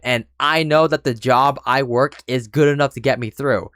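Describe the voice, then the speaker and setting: Candid young man venting, smooth dry voice. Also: medium pitch, lively intonation, a little fast, hardly any pauses, fairly bright tone, dry recording. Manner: candid and rambling, rising to exasperated rants. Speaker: vlogger. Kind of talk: personal talk to camera.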